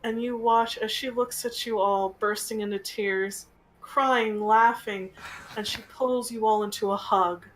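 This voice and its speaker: Slow-paced woman game master. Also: fairly high pitch, steady tone, low-quality recording. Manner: slow, gentle storytelling. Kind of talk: narrating a tabletop game.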